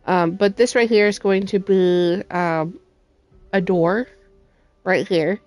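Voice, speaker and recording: A woman's voice: mid-range voice, fairly even intonation, takes it slowly, a little mellow. A woman hosting her gaming channel, casually talking through a game build with lots of ums and restarts. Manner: rambling with frequent ums. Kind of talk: casual gameplay commentary.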